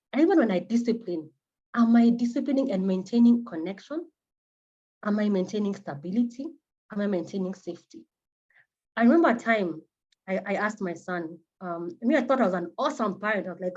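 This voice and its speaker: A woman with a Kenyan accent, a native Kimeru speaker, tells personal stories in an animated, earnest way at an ordinary middle pitch. The recording sounds dull and lo-fi. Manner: animated, acts out quoted voices, earnest. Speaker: psychotherapist. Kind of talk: personal storytelling talk.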